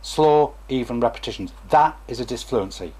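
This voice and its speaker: A man's voice: medium pitch, lively intonation, normal speed, a little mellow, husky. A former stammering therapist, a man, gives a chatty, digressive talk to camera and acts out examples as he goes.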